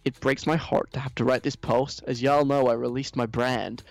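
A man's voice: medium pitch, flat delivery, normal speed, vocal fry, dry recording, faint music behind, close to an everyday voice. A man voicing an entitled, whiny young woman influencer with a put-on American accent, gushing and self-pitying.

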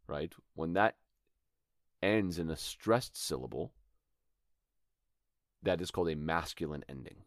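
A man's voice: low-pitched, slow, long pauses, dry recording, clean studio sound. A young adult man hosting a show and explaining acting craft in an earnest, instructional way, tapping out rhythms as examples. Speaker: acting teacher and podcast host. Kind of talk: instructional talk.

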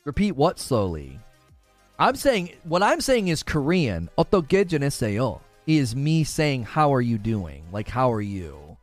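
Faint music plays behind this streamer host, whose mid-range voice has a sing-song lilt and a slightly slow pace, with no echo. Laughing often, he chats casually and reads viewer comments out loud.

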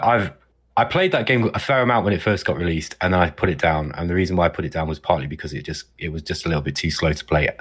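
A man co-hosting a gaming podcast in a casual chat, speaking in a thoughtful, measured way and often correcting himself mid-sentence. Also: sits low, slightly rough. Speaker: podcast co-host.

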